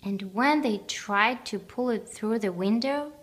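A woman reading a picture book aloud in an expressive, gently animated way. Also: a little high, measured pace, few pauses. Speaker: storybook reader.

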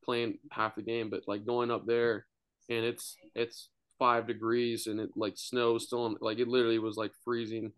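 A young man in his twenties chats casually as a podcast guest. His voice sits at a medium pitch, and he rambles through his stories with plenty of filler words. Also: level tone, normal speed, fairly bright tone, smooth, dry recording. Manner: rambling storyteller, many "like" fillers. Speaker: guest, college quarterback.

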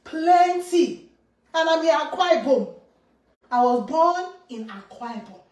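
A Nigerian woman with a Pidgin English accent talks in an animated, boastful vlog style, often dropping into bits of song. Her voice sits high, and she is some way off the mic in an echoey room. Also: measured pace, far from the mic. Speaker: content creator. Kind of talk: casual vlog monologue.

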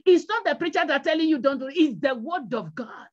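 A woman's voice: high voice, lively intonation, a little fast, few pauses. A woman evangelist delivering a sermon with emphatic, repetitive exhortations and pleading calls to repent. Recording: dull lo-fi recording.

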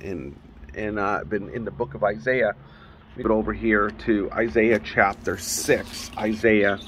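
A man's voice: on the low side, slight background noise. A man teaching a casual Bible study, talking in a loose, conversational way with frequent restarts.

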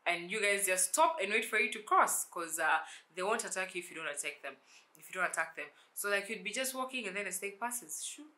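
A young woman telling a storytime vlog, animated and acting out the dialogue in shifting voices. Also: mid-range voice, a little fast. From South Sudan. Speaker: YouTuber.

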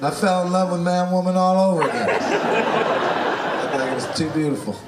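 A Canadian man in his forties works a comedy stage with a bright, high voice that leaps around. He rambles profanely, drops to mutters and then bursts into shouts. The sound is roomy and a little distant, with a loud crowd laughing behind him. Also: expressive, moderate pace, very noisy. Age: 40s. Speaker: stand-up comedian. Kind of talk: stand-up comedy set. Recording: roomy live venue, mic off-axis, loud crowd laughter. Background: audience laughing.

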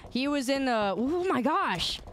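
A woman game streamer in casual live-stream chat, playful and teasing, arguing loudly with her chat. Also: sits high, expressive, a little slow, slight background noise. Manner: playful, teasing and argumentative, loud when riled.

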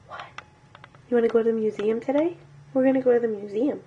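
A woman's voice: a little high, fairly quick, creaky, mellow, muffled recording. A mother vlogging at home, coaxing her baby in sing-song baby talk and chatting to the camera. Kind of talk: casual vlog chat.

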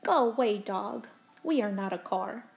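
A woman voicing an eager, excited little boy in a storybook, with a bright, emphatic delivery. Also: mid-range voice, measured pace, faint music behind, natural voice.

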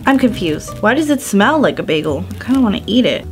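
A woman's voice: mid-range voice, big pitch swings, brisk, soft background music. A young woman hosting her own vlog, gushing and gasping through a casual unboxing chat, full of fillers. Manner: bubbly and gushing, gasping often, filler-heavy with "like". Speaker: vlogger host.

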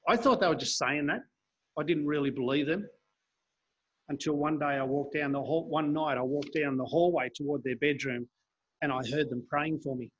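A man's voice: on the high side, normal speed, husky, highs cut off. A man preaching a sermon in a church, reading scripture aloud and explaining it earnestly.

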